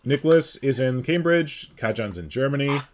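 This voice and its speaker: A man's voice: medium pitch, expressive, normal speed. A man hosting a casual live stream, joking and reading out viewers' names. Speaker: stream host.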